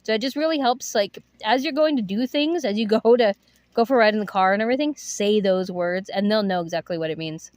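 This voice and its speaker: A woman's voice: medium pitch, fairly quick, darkish tone, no echo. A woman who runs an animal rescue, chatting casually and giving upbeat tips on training dogs. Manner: chatty, upbeat, full of fillers.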